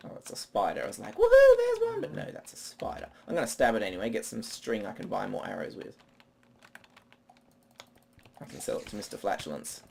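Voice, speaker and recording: A man's voice: lowish voice, fairly quick, creaky, long pauses, a little hiss or hum. A man doing rambling, self-talking let's play commentary while he plays. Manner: rambling, talks to himself. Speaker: gaming channel host.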